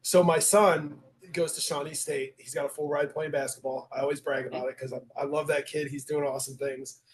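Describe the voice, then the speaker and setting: A middle-aged man hosting a podcast, telling stories about his family in an animated, casual way. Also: on the high side, brisk, a little hiss or hum, rough recording. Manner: animated anecdotal storyteller. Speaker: podcast host. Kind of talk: casual chat.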